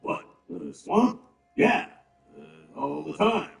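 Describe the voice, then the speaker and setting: Gravelly, grumbling big orc. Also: male voice, on the high side, expressive, slow pace, exaggerated voice. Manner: sarcastic, blunt, grumbling. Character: big gruff male orc, blunt and grumbling. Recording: roomy, distant, game music behind.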